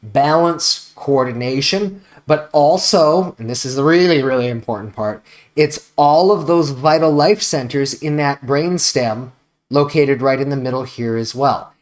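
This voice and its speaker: A man with an American accent, a chiropractor explaining health topics in a measured, deliberate way, stressing key words. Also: mid-range voice. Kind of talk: educational explainer to camera.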